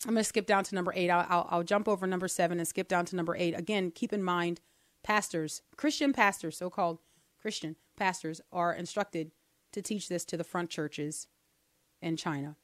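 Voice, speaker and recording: A woman's voice: on the low side, moderate pace, no echo, clean studio sound. A middle-aged woman hosting a talk show, chatting casually and animatedly, laughing and slipping into mock voices for her jokes. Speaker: podcast host. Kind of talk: casual commentary.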